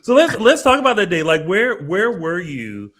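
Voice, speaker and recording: A bubbly man co-hosts the interview, and his pitch swings about lively as he talks. He introduces and questions the guest with effusive enthusiasm. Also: normal speed. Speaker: podcast co-host.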